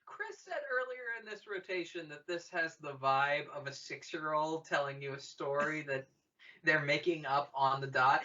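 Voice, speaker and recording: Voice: medium pitch, moderate pace, bright, forceful tone, far from the mic, highs cut off. Dry teasing podcast co-host. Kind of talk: casual chat.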